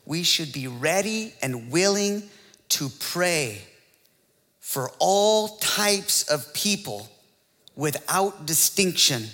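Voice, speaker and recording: Man, pastor, casual joking sermon, a bit higher than average, reverberant room. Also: pushed and bright. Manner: joking, conversational preaching with frequent laughs.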